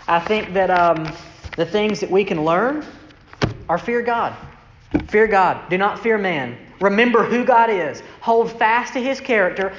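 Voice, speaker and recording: A preacher talks through a scripture passage in a casual, questioning way, acting out each quoted voice. The sound is muffled and lo-fi, caught in a big echoey hall with a long, lingering reverb. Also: a little hiss or hum. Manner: conversational, asks rhetorical "right?" questions; acts out quoted speech with shifts in pitch. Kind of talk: sermon, reading scripture and explaining it.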